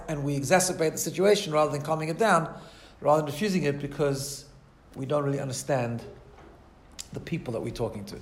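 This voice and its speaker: A man's voice: fairly high pitch, reverberant. A man teaching a class in a conversational way, often restarting sentences and checking in with his listeners. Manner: conversational, frequent restarts, keeps asking "right?". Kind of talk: class lecture.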